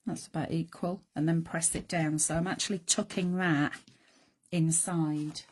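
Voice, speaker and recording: A middle-aged woman hosting a live craft demonstration, chatty and self-deprecating, thinking aloud as she works, her voice going croaky. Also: low-pitched, fairly even intonation, measured pace. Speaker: craft show host.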